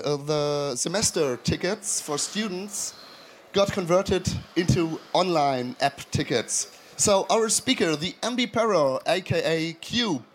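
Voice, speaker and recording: A man introducing the next speaker at a conference, brief and unhurried. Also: high voice. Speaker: session host.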